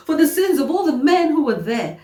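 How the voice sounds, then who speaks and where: A woman telling her own life story to her viewers, animated, emphatic and often repeating herself. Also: high-pitched, far from the mic. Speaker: vlogger. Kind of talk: personal storytelling to camera. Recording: roomy echo, voice set back from the mic.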